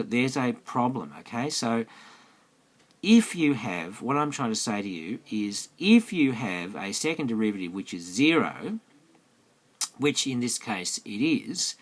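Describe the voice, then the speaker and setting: A man teaching maths in a screencast lesson, chatty and repetitive, often checking that students follow. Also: fairly low pitch. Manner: chatty, repeats himself, asks students questions. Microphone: close mic over a tablet screencast.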